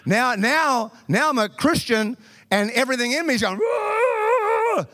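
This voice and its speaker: A man's voice: extremely high pitch, moderate pace, pushed and bright, dry recording, studio quality. A man preaching a sermon to a congregation, telling humorous personal stories. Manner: humorous storytelling, addresses the congregation.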